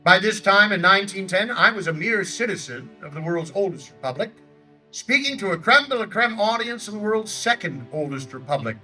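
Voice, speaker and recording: A man's voice: animated, a little fast, pushed and bright, recorded from a distance, faint music behind, heavily acted, low-quality recording. A man playing an older Theodore Roosevelt, giving a declamatory outdoor stump speech in character in a park by a lake. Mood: rousing. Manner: booming, declamatory oratory. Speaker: historical reenactor.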